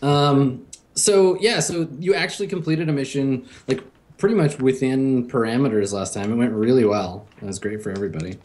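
A young man running a tabletop game as game master, talking casually and halting often with fillers. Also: mid-range voice, a little mellow.

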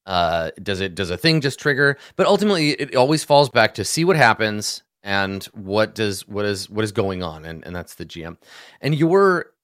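A man's voice: on the low side, very animated, moderate pace, fairly bright tone, no room sound, clean studio sound. A man in casual conversation, patiently explaining how a tabletop game works and walking through examples step by step. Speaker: experienced player explaining game rules.

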